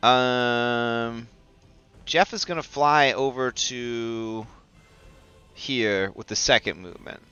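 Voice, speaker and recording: A man playing a tabletop game, chatty and excitable while taking his turn. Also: medium pitch, takes it slowly, clear, resonant tone, lo-fi sound, faint music behind. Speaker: player.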